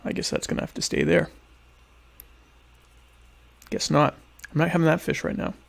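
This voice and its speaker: A young adult man hosting a podcast, answering listener questions in a deadpan, ironic, rambling way while eating dinner. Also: on the high side, moderate pace, gravelly. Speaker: podcast host. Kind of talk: casual solo chat answering listener questions.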